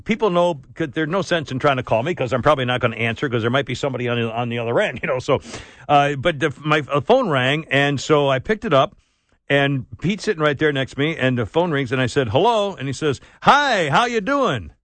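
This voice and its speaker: A man hosting a talk radio show, telling rambling anecdotes with frequent laughter and mock outrage, clearing his throat now and then. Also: mid-range voice, fast, a bit bright, no echo. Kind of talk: casual talk radio banter. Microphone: studio broadcast mic.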